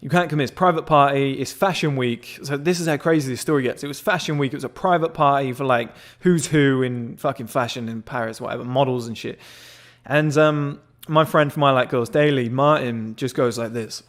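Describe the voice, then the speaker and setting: A young man telling a rambling, excited story in casual chat, swearing often and filling with "like" and "whatever". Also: mid-range voice, a little fast. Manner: excitable, swears a lot, rambling with many fillers. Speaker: members club founder telling a story.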